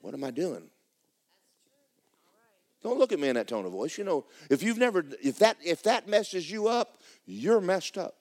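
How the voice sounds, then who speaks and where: Male pastor preaching in church, emphatic, repeats himself, bursts into loud prayer. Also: sits high, big pitch swings, normal speed. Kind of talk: sermon.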